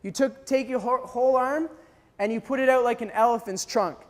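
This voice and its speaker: A man from Canada telling a dramatic personal story to a live audience, acting out voices and shouts as he goes. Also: extremely high pitch, fairly quick, big-room sound. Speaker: speaker telling a mission story.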